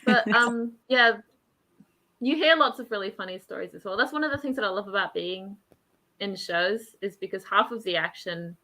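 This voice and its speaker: A woman's voice: mid-range voice, normal speed, sharp tone. Bubbly Australian woman actor. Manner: bubbly, laughs through her words. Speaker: theatre actor guest. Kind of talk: casual chat.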